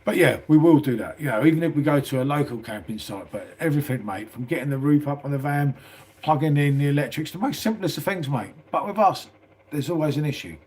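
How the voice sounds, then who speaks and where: Middle-aged southern English bloke, husky voice, casual live-stream chatter, swears a lot and calls everyone mate. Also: male voice, fairly high pitch, lively intonation, quick pace, darkish tone. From England. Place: small house indoors.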